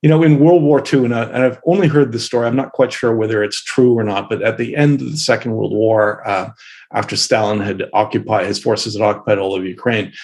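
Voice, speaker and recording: A man's voice: on the low side, a little mellow. A middle-aged man from Canada, a professor being interviewed, speaking bluntly and telling vivid anecdotes. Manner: blunt, outspoken, vivid storyteller. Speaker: professor guest. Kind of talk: interview answers.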